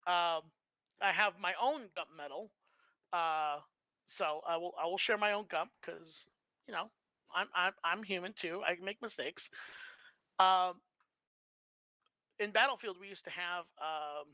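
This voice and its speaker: A streamer telling old clan anecdotes in a casual, halting way, with fillers and restarts. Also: medium pitch, pushed and bright, dry recording, lo-fi sound. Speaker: storyteller on a live stream.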